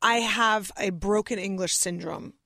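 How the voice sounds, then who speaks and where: A woman's voice: medium pitch, unhurried, creaky, no room sound, clean studio sound. A Russian-born woman, a guest comedian, telling stories in casual interview chat and acting out the voices of others. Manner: animated storyteller, acts out voices.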